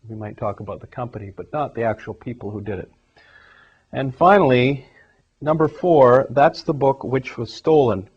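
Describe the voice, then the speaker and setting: Male English teacher, steady explanatory delivery, middle pitch, dull lo-fi recording. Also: moderate pace, husky. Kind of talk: grammar lesson.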